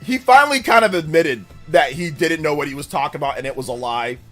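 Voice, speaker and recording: A man hosting a live stream, chatting in an animated, mocking way with quick bursts of speech. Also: on the high side, soft background music. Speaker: streamer host. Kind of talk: live stream commentary chat.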